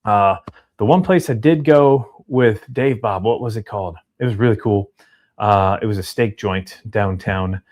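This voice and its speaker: A man hosting a casual livestream, chatty and upbeat as he reads out viewer donations and shout-outs. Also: fairly low pitch, unhurried. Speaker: livestream host reading super chats.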